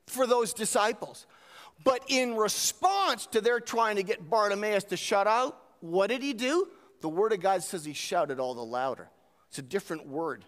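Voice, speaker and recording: In a church sanctuary full of lingering echo, a high-voiced man delivers a lively sermon. The pastor poses rhetorical questions to those gathered.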